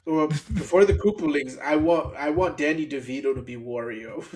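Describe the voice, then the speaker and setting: A man's voice: fairly high pitch, moderate pace, darkish tone. A man co-hosting a podcast in casual chat, laid-back and laughing often. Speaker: podcast co-host.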